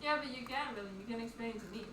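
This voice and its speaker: Woman, brisk and playful, asking pointed questions, picked up from across an echoey room. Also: on the high side, a bit bright, recorded from a distance, slight background noise. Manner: quizzing, playful. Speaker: visitor to the stream room. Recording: roomy, off-mic.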